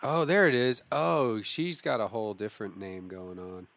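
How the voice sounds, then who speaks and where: A man's voice: fairly low pitch, fairly even intonation, normal speed, vocal fry, fairly bright tone, no room sound. A man riffing and reacting in casual podcast chat. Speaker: podcast co-host.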